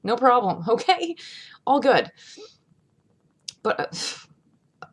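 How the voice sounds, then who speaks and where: A woman vlogging from home in a casual, chatty rant, laughing often and swinging between loud outbursts and hushed asides. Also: fairly high pitch, sing-song, drawn-out words, slightly rough. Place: home, not in her studio.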